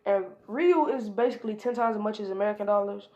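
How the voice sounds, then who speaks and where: A woman's voice: mid-range voice, fast talker, mellow, lo-fi sound. A woman casually retelling an improvised fan story, rambling from event to event with lots of hesitation fillers. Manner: rambling, strings events with "and then he was like".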